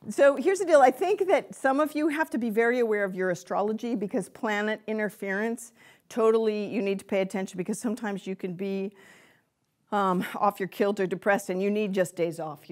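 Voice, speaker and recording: A woman at a middle pitch, speaking to a live audience in a room during an informal spiritual workshop. She rambles in a chatty way, breaks off mid-word and starts again, and fills her pauses with ums and uhs. She laughs often and grows lively when she acts out a quote. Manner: chatty, rambling, with many fillers and self-interruptions. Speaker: lecturer on empaths.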